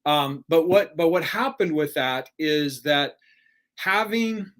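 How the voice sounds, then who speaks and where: A man's voice: a little high, expressive, takes it slowly, a bit bright. Earnest man giving a motivational talk. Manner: earnest, keeps asking "right?"; acts out quoted dialogue in his story. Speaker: live show host, speaking coach.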